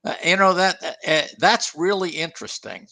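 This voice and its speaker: Older male guest, gravelly and bright-toned, dry close mic, halting and reflective. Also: high-pitched, lively intonation, dry recording. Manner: halting, many restarts and fillers, thoughtful. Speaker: guest, former engineer and author. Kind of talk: casual interview talk.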